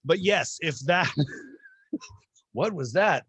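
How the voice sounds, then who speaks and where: A man co-hosting a podcast, excitable and giggly in casual comedic chat. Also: fairly high pitch, extremely slow, breathy edge, dry recording. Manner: excitable, giggly, fumbling with his phone. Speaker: podcast co-host.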